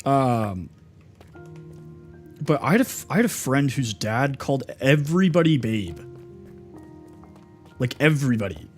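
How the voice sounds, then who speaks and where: Unhurried and sing-song, this young man from Texas takes long pauses while he livestreams his gaming, casually replying to chat and throwing around "dude" and "brother." He has a mid-range voice, with soft music in the background.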